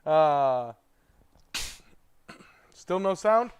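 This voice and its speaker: Slow-talking laid-back man. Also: fairly high pitch, expressive, clear, resonant tone. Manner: laid-back, chuckling, talks to chat. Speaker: blacksmith livestream host. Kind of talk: casual livestream chat. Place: blacksmith forge workshop.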